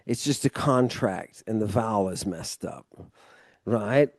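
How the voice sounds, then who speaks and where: A man teaches a casual one-on-one Ancient Greek lesson, breaking things down step by step and often asking "right?" He's loose and swears mildly. His animated voice is on the low side, his pace measured, and the recording is dry.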